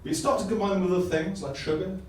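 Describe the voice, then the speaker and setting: A man giving a light-hearted science talk on stage, self-deprecating and halting, full of restarts. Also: sits high, lively intonation, a little mellow. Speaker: guest speaker. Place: live comedy venue. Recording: echoey hall from far off.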